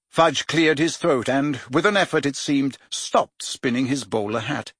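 Expressive male narrator, bright slightly husky voice, lively delivery. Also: mid-range voice, normal speed, hardly any pauses, dry recording, clean studio sound. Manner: expressive, theatrical reading. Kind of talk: audiobook narration.

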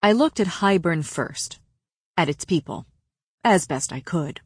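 A woman reads as a grim male fae lord, low and measured in his speech. The voice sits deep and is delivered with steady gravity. The recording is dry and close. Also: breathy edge, no echo. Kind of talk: audiobook character voice.

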